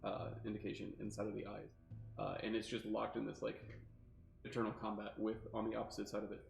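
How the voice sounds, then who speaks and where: A low-pitched man runs a tabletop game, his voice gravelly with fry. He describes each scene in loose, rambling sentences packed with fillers. The room is echoey, with faint music playing underneath. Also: completely flat delivery, quick pace. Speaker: game master.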